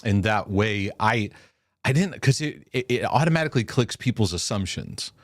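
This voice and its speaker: Man, casual storyteller, lively pitch, dry close sound, quotes people as he goes. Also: moderate pace, no room sound. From United States. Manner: animated storyteller, repeats words, quotes people. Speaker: podcast host, former pastor.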